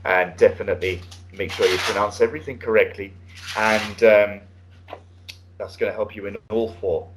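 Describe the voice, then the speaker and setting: A man giving spoken feedback as an IELTS speaking examiner over an online call, relaxed and coaching, with many fillers and restarts. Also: fairly low pitch, moderate pace, a little hiss or hum, low-quality recording. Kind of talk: spoken feedback on a mock test. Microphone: online video call.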